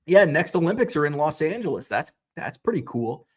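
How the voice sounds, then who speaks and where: A man's voice: fairly high pitch, very animated, fairly quick. A middle-aged man from the United States hosting a casual live-stream show, reading viewer comments and rambling through tangents with frequent self-corrections.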